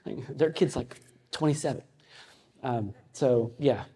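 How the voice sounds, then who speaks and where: A man in his fifties teaching a ministry audience in a conversational way, telling personal stories with frequent halting restarts. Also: medium pitch, mellow, slightly rough. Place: meeting room with an audience. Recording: long hall reverb.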